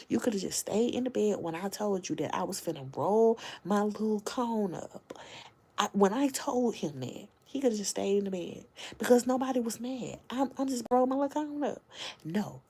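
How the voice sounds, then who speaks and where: A woman's voice: mid-range voice, animated, normal speed, warm tone, slightly rough. A woman hosting a casual late-night livestream from home, talking to her viewers in a chatty, slangy way and often dropping to a whisper. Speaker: livestream host and reader. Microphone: phone livestream.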